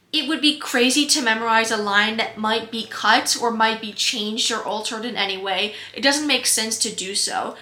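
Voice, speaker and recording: A nineteen-year-old woman hosting a comedic vlog, playfully mock-outraged with quick sarcastic asides. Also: a little high, bright, forceful tone. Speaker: comedy YouTuber. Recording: echoey room with faint music.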